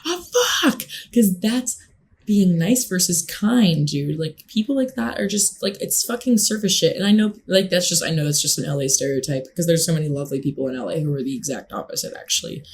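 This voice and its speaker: A woman's voice: deep voice, brisk, a little mellow. A young woman in a casual monologue, talking passionately and emphatically, with lots of swearing.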